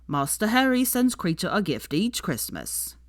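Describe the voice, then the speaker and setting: A woman voicing a croaky, servile old male house elf in a storybook reading. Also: lowish voice, very animated, normal speed, no echo, studio quality. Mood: fawning. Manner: servile, speaks of himself in third person.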